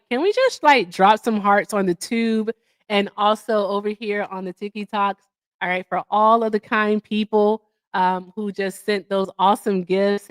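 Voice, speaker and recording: A woman's voice: medium pitch, no room sound, studio quality. A woman hosting a livestream in casual chat, chatty and effusive as she thanks her viewers. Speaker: livestream host.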